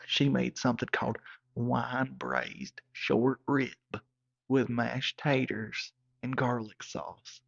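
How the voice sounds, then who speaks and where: A gravelly, rough-edged man with a drawl rambles through a wild comic story, cussing freely as he goes. His voice sits at an everyday middle pitch, and the recording sounds dull and lo-fi. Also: level tone, slow pace. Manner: rowdy, profane, rambling backwoods tall-tale telling. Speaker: comedic storyteller.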